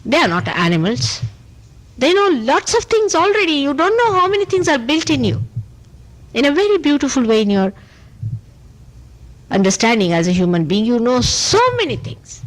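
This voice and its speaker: A spiritual teacher, a woman with an Indian accent, answers questions with emphasis in an impromptu talk on an old, poor-quality tape. Her moderate pace is broken by frequent pauses, and she speaks animatedly in short repeated phrases, her pitch rising on key points as she keeps saying "you see."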